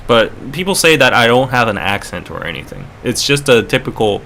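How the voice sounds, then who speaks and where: A young Korean man hosts a casual live stream with a clean North American accent learned in Canada. His voice is bright and forward, and he rambles through restarts and fillers like "you know" and "like". Faint noise sits under the recording. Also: medium pitch, sing-song, brisk. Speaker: podcast host and streamer.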